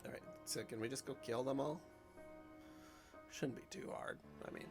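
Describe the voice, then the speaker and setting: A man's voice: medium pitch, normal speed, gravelly, pauses often. A man playing a video game on stream, reading the characters' lines aloud in a plain voice and adding dry asides. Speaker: let's-play streamer. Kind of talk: casual gameplay commentary, reading dialogue aloud. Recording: game music playing underneath. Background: game music.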